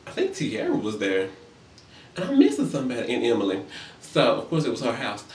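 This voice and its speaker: Sassy guy recapping reality tv, pitch all over the place, echoey room, a bit away from the mic. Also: huge pitch swings, brisk, far from the mic, slight background noise. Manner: sassy and profane, acts out quotes in high voices. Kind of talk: casual comedic recap. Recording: roomy echo, a bit off-mic.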